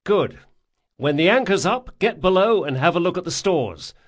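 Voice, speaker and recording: A man reading an audiobook, voicing a bold young pirate captain who gives brisk orders to his crew. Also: high-pitched, animated, voice pushed up. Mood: commanding. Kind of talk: audiobook character voice.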